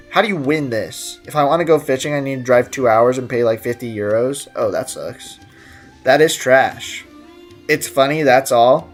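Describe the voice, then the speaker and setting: A man streaming a game, chatting casually and jokingly, reading messages from his chat aloud. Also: mid-range voice.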